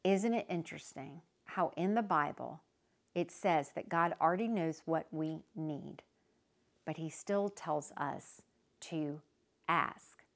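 A woman with a lowish voice gives an earnest faith-based teaching talk. She takes her time, reflecting aloud and now and then pausing to search for the right word. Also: gravelly. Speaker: podcast host.

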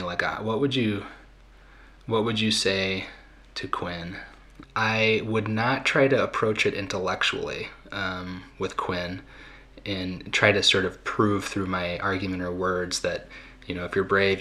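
A man's voice: deep voice, bright, forceful tone. A middle-aged man hosting a podcast, talking through listener questions in a thoughtful, conversational way with fillers and restarts. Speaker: podcast host. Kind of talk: reflective talk answering listener questions.

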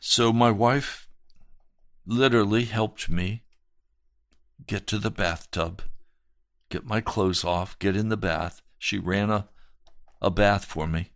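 Man, pastor, slow deliberate delivery, lowish voice, earnest testimony sermon, dry close sound. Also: no room sound. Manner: slow, earnest storytelling with dramatic swells.

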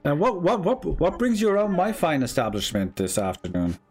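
Brief: a man playing a cheerful little tavern builder with a shaky put-on Irish lilt, lively up-and-down pitch. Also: brisk, slightly rough, soft background music, exaggerated voice. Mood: friendly. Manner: hearty, keeps slipping in and out of a fake Irish brogue. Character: cheerful short male builder and tavern owner. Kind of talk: tabletop role-play character voice.

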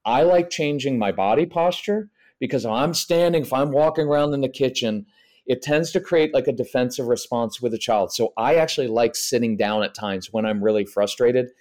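On a podcast interview, a middle-aged man appears as a parenting expert guest, explaining things practically and acting out examples in different voices. His voice is mid-range and darkish, at a moderate pace.

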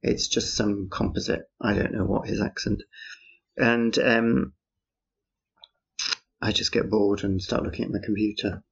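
A man rambles along in a casual monologue, dropping dry, sarcastic asides. His low voice is heavily gravelly and full of fry. The recording is muffled and lo-fi. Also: little pitch movement, a little slow, pauses often. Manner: wry, dryly sarcastic asides. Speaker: podcaster. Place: outdoors on a street at night.

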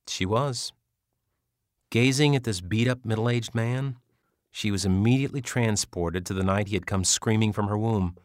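A male narrator reads a novel in a measured, even way. His voice sits on the low side. The recording is dry and close, with no room sound. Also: no room sound. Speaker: audiobook narrator. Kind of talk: scripted narration.

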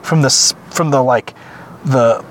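A man talks through a casual, chatty walking tour of an auto show as a podcast co-host. His voice sits at a middle pitch, and he sounds eager and easygoing. A faint hum of background noise runs under the recording. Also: unhurried. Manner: chatty, enthusiastic about the cars.

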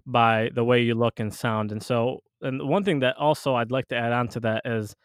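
A man's voice: medium pitch, fairly even intonation, moderate pace, smooth, no echo, studio quality. A man hosting a podcast in casual chat, rambling with many restarts and fillers. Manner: rambling, full of restarts and "you know". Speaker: podcast host.

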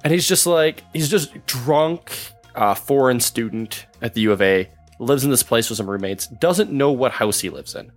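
Male podcast host, animated storyteller, lively pitch, faint music behind. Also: moderate pace. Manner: animated, laughing through anecdotes. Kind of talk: casual storytelling.

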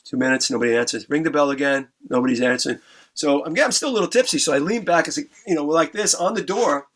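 Man, raised pitch, casual guest storyteller, profane and animated. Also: fast. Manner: animated storyteller, stumbling restarts, acts out voices. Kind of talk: casual anecdote, heavy swearing.

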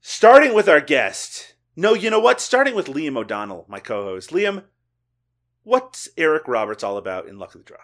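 A man hosting a casual podcast chat, enthusiastic and quick to laugh. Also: mid-range voice, very animated, a bit bright. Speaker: podcast host.

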